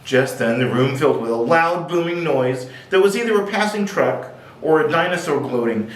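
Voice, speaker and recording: A man's voice: on the high side, lively intonation, normal speed, hardly any pauses, a little hiss or hum. A man reading picture books aloud at a library, with playful, jokey asides. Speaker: library storyteller. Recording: echoey room, distant mic.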